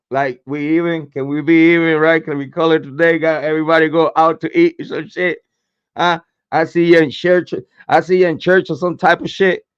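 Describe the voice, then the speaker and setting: A hoarse man hosting a true crime livestream, cursing freely and hyping his chat with repeated chants, speaking into a desk mic. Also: fairly high pitch, dull audio. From Puerto Rico. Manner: profane, repetitive hype chants. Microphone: desk microphone, camera off.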